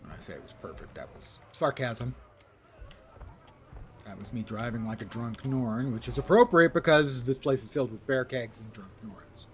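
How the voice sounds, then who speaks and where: A man's voice: mid-range voice, animated, moderate pace, a little hiss or hum. A man livestreaming a game, talking to himself and his viewers in a casual, wry way with sarcastic asides. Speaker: gaming livestreamer. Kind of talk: casual gameplay commentary.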